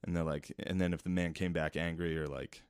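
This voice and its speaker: Deep dude rambling on a podcast, chill and sweary, dry mic. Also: male voice, little pitch movement, a little fast, smooth, no room sound. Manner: laid-back, swearing, rambling stories with silly put-on voices. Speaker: podcast co-host. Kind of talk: casual podcast chat.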